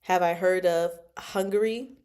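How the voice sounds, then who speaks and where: A woman's voice: lowish voice, fairly even intonation, unhurried, darkish tone. A young adult woman hosting a casual book chat, playful and laughing often as she reacts to a novel. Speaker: book club host reading and reacting.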